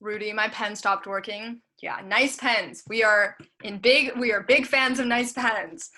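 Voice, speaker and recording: A young woman teaching debate online, briskly reading out a practice speech in a drill-like list and then checking in with her students. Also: mid-range voice, fairly even intonation, bright, forceful tone. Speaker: debate camp instructor.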